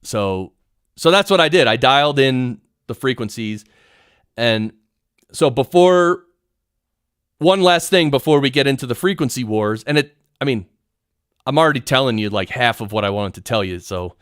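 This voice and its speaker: A man teaching podcast audio production on a live stream, rambling and excitable, often interrupting himself, speaking into a studio mic in a home studio. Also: medium pitch, moderate pace, long pauses, clear, resonant tone, no room sound. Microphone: studio mic through audio recorder.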